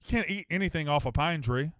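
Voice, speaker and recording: A man's voice: a little high, expressive, fast, fairly bright tone, dry recording, studio quality. A man hosting a casual sports talk show, rambling, joking and swearing as he talks with a caller. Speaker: host.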